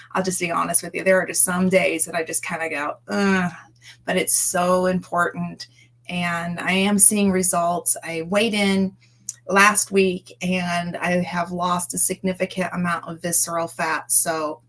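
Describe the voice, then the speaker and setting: A woman hosting a casual livestream chat, greeting viewers warmly with lots of fillers. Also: on the low side, flat delivery, measured pace. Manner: bubbly, effusive greetings, many fillers. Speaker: livestream host. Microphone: streaming mic.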